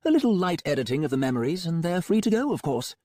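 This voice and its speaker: Man doing a smug, high-voiced callous doctor. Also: very animated, fast talker, dark tone. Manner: breezy, condescending. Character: smooth, callous male doctor running a cyborg ward.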